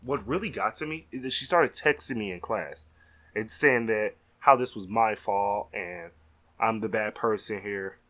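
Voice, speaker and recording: A young man telling a storytime vlog, animated and exasperated, talking casually. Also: fairly low pitch, measured pace. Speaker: vlogger.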